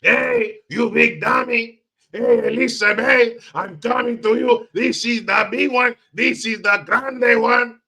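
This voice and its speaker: A man playing a cranky old man who hollers gruff insults at his wife. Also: extremely high pitch, animated, slow pace, bright, forceful tone, pitched above the performer's own voice, exaggerated voice. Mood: hollering.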